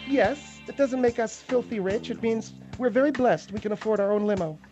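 A man's voice: sits high, moderate pace, over music, voice pushed up, natural voice. A man plays a brash woman who mocks everyone and plays the wronged party. Her talk is theatrical and accusing. The radio audio is slightly dull. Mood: smug. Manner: mocking, theatrical.

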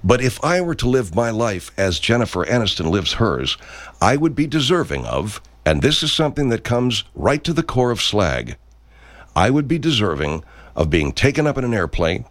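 A man in an improvised comedy sketch, speaking in a solemn, earnest and halting way. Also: mid-range voice, very animated, no room sound.

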